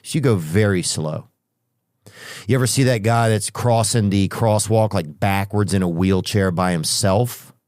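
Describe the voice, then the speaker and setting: A man's voice: lowish voice, a little slow, darkish tone, dry recording, clean studio sound. A man hosting a podcast, telling comic stories in a rambling way with restarts and asides. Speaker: podcast host. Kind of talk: comedic storytelling monologue.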